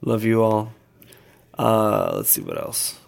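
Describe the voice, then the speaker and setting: Slow and gravelly, a man's fairly low voice swings hugely in pitch as he gives followers a rambling vlog update. He's tired, yawning, laid-back, and heavy on fillers as he meanders.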